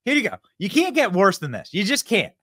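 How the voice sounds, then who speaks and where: Guy hosting a politics show, mocking the clips, voice jumps all over, higher side. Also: huge pitch swings, a little fast, no room sound, studio quality. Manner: mocking, emphatic, swings loud to quiet. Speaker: show host.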